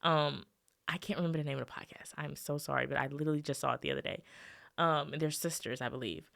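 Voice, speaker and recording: A woman's voice: sits low, quick pace, vocal fry. A young adult woman hosting a solo podcast, talking casually and animatedly to her listeners. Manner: chatty, animated, addresses listeners as "y'all", ranting with laughs. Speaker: podcast host.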